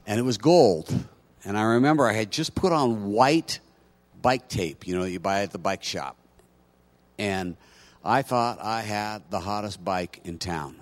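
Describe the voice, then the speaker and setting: A man with a fairly low voice delivers a sermon. He moves between relaxed, conversational storytelling and stretches of loud, emphatic preaching. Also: unhurried. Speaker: pastor.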